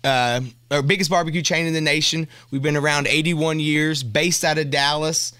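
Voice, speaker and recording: A man's voice: on the high side, steady tone, moderate pace, pushed and bright, clean tone. A man with a Southern accent, a restaurant guest on a radio show, talking casually with many fillers and restarts. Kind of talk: casual promotional chat.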